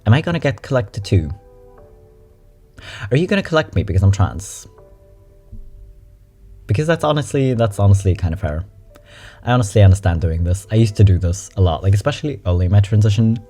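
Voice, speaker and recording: Low, lively nonbinary speaker with a mellow voice. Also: a little fast, pauses often, soft background music. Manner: chatty, animated, frank, swears casually. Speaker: meme reaction host. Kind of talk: casual meme commentary.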